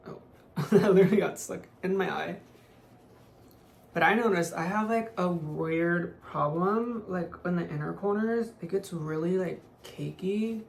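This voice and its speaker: Chatty young woman, slightly gravelly. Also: lowish voice, a little slow. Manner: chatty, constant "like" fillers, offhand. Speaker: beauty vlogger. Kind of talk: casual makeup tutorial chat. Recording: echoey room, faint noise.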